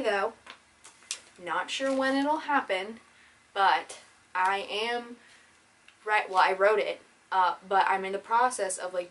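A young woman vlogging in a chatty, animated way and acting out the voices of people in her story. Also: mid-range voice, noisy background. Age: young adult. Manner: chatty and animated, acts out voices in retold dialogue. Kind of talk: casual storytelling vlog.

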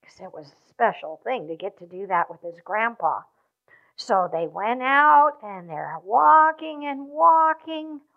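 High-voiced woman telling a story to kids at church, gentle, lots of questions, muffled sound. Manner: gentle, asks the children questions. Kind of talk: children's story in a church service.

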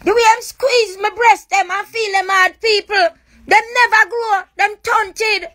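A woman's voice: very high voice, steady tone, a little slow, fairly bright tone. A woman with a Jamaican accent, ranting on a live stream in a raw, accusing, repetitive way. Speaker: livestreamer. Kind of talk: emotional live-stream rant.

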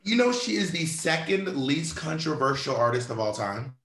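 Lively man in an echoey room. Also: on the high side, moderate pace. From United States. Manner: lively, playful, swears freely, mimics posh voices. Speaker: interview guest, drag performer. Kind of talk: casual chat.

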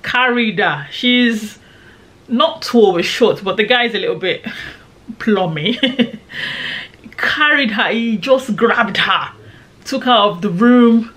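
In a fairly high-pitched voice and at a slow pace, a young vlogger recounts something that happened to her. She tells it with animated drama, acting out the shouts as quotes, in a casual vlog style.

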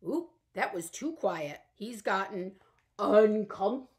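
A children's librarian leading an animated storytime, coaxing young listeners to join in and answer. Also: female voice, mid-range voice, unhurried. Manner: animated, coaxing, addresses kids directly. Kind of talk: storytime reading with songs. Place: library, indoors.

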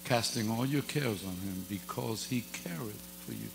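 A man's voice: on the low side, moderate pace, vocal fry. A man preaching an informal sermon in a church, folksy and joking, with casual grammar and humorous stories. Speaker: guest pastor. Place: church hall. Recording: long hall reverb with faint mains hum.

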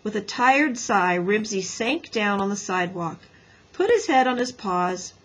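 A woman teacher reading a children's book aloud in a lively storybook manner, slightly raspy. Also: mid-range voice, unhurried, low-quality recording.

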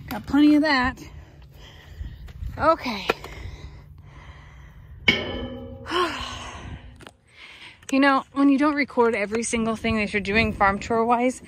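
Chatty bright-voiced Texan farm woman. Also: a little high, slow, pauses often, a little hiss or hum. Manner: chatty, teasing, talks to her animals. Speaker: farm vlogger. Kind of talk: casual vlog talk to camera. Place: outdoors on a farm.

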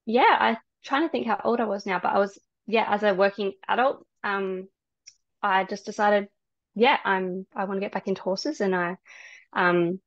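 Softly hesitant woman telling her story. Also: medium pitch, fairly even intonation, normal speed, no echo. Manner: soft, hesitant storytelling with many ums. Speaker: podcast guest. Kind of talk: casual interview chat. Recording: dry, dull lo-fi sound.

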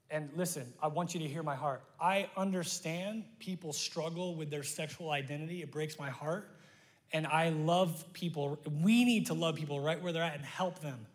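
Male pastor, fairly high voice, earnest sermon, impassioned, reverb of a church hall. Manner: earnest, impassioned preaching with repeated restarts. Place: church sanctuary.

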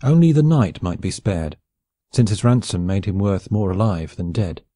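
A man narrating a classic novel as an audiobook in a measured, even storytelling delivery. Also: low-pitched, no echo, clean studio sound.

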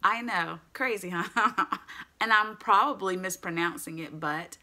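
Bright, animated woman preaching a sermon. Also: medium pitch, moderate pace. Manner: animated, emphatic, laughs often.

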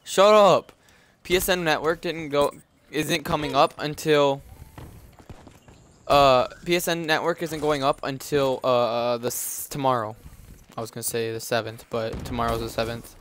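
A man's voice: medium pitch, fairly even intonation, moderate pace, fairly bright tone. Teen guy streaming, chatty and rambly, talks to chat, bit of hiss behind. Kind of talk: live gameplay commentary.

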